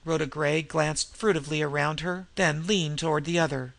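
Gravelly male audiobook narrator. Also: a little high, steady tone, moderate pace, few pauses, a bit bright, no room sound.

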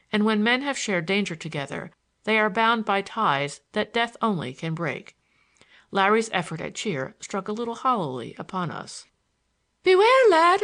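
A woman narrating a novel in a measured, expressive reading. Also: mid-range voice. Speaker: audiobook narrator. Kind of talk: scripted narration.

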